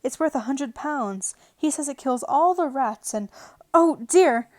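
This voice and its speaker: A woman voicing a polite, anxious young girl, lifting her voice higher and louder. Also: measured pace, no room sound. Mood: eager pleading. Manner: raised, excited girlish delivery.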